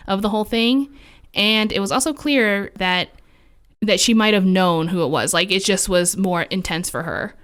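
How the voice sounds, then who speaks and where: A woman's voice: medium pitch, a bit bright, clean tone. A woman co-hosting a podcast, telling a ghost story in a casual, chatty way with lots of fillers. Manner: chatty, full of likes and fillers, laughs often.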